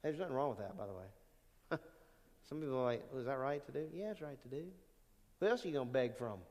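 A man preaching a sermon as pastor, animated, swinging between loud emphasis and quiet asides. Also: mid-range voice, fast. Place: church sanctuary. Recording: long church hall reverb.

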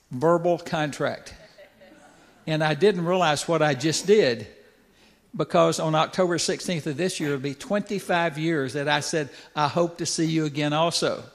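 An older man giving a folksy, conversational sermon story, with asides to the audience. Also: on the high side. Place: church sanctuary. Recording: echoey church hall.

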